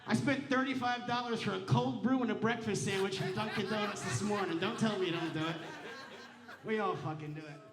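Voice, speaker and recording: A man's voice: sits high, fairly quick, crowd noise. A man doing a stand-up comedy set on a casino stage, telling stories in a brash, profane, punchy way. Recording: roomy casino showroom sound.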